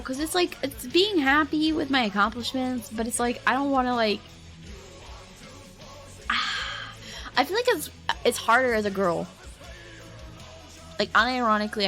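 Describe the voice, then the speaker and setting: Young woman streamer with a slightly high voice; reflective, rambling chat peppered with fillers. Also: fairly bright tone. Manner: rambling and reflective, heavy on "like" and "I don't know". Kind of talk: casual chat reading viewer comments.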